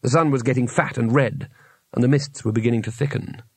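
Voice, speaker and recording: A man reading an audiobook aloud in a measured storytelling manner with wry timing. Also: mid-range voice, fairly even intonation, husky, no room sound. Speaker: audiobook narrator. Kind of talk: scripted narration.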